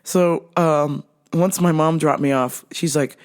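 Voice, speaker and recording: A woman in her thirties hosting a podcast, telling a story in a casual, animated way, laughing often and swearing freely. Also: sits low, slow. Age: 30s. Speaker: podcast host.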